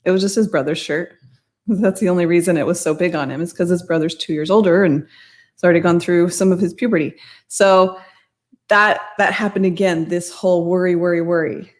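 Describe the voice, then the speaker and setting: Rambling middle-aged woman, slightly low voice. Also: steady tone, a little fast. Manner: rambling, self-correcting storyteller with frequent laughs. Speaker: mindset coach. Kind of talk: casual spoken talk.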